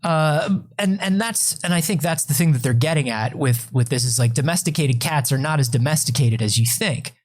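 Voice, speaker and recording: A man's voice: on the high side, moderate pace, few pauses. A man co-hosting a comedy podcast, rambling through statistics with lots of restarts. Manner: rambling, full of fillers and restarts, reads out statistics. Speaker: podcast co-host. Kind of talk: comedic casual chat.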